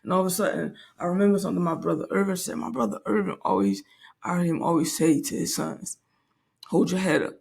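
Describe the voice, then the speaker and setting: A woman's voice: fairly low pitch, lively intonation, fast talker, creaky, a little mellow, husky. A woman in her late forties, hosting a podcast and telling a personal story in a candid, reflective way that halts and restarts often. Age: late 40s. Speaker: podcast host.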